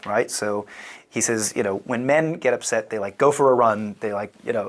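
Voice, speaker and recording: A man's voice: on the low side, normal speed. A man in his thirties, a rabbi giving a casual lecture, chatty and digressive with lots of "you know" and "like". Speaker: rabbi teaching a class.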